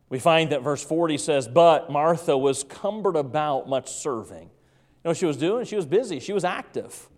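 A man with a fairly high voice preaches an evening sermon. He hammers key phrases again and again, then sometimes sinks into a hushed, gentle tone. His voice rings with the long reverb of a church sanctuary. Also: lively intonation, normal speed. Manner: emphatic, repeats key phrases, drops to soft tones. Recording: long reverb of a large room.

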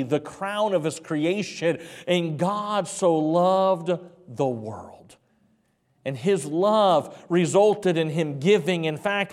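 Preaching a sermon in a large church sanctuary hall, a male pastor with a fairly high voice repeats words and slowly stretches key phrases. He drops to a hush for emphasis.

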